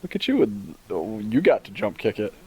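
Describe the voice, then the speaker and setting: A man's voice: lowish voice, sing-song, normal speed, breathy edge, muffled recording. A man co-hosting a casual let's-play, laughing often and joking along while playing. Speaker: gaming show co-host.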